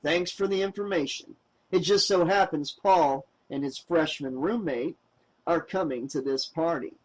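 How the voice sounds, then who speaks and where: A man's voice: fairly high pitch, unhurried, low-quality recording. A man voicing a smug teenage boy who brags and teases. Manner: teasing, boastful. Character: cocky teen boy, smug party guy. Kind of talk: audiobook character voice.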